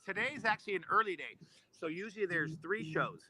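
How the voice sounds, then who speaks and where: A man's voice: high-pitched, lively intonation, fairly quick, pushed and bright, slight background noise, low-quality recording. A man, a stagehand guest, in an easygoing casual chat, laughing often.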